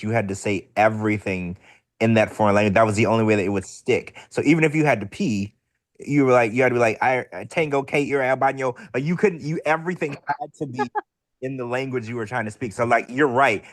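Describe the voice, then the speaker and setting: Low male co-host, dry close mic, chatty and long-winded. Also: no echo. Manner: chatty, explains at length with filler words. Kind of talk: casual chat.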